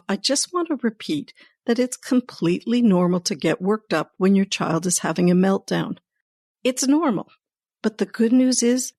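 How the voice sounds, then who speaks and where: A woman hosts a parenting episode, talking parents through advice in a gentle, reassuring, conversational way. Her voice sits at a middle pitch. The recording is close and dry. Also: dry recording. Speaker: parenting educator and podcast host. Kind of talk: warm advice talk to parents.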